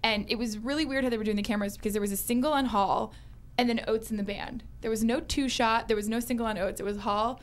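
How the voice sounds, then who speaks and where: A young woman, a comedian and musician, telling an animated story as a guest on a web talk show. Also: a little high, fast talker. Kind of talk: casual interview storytelling.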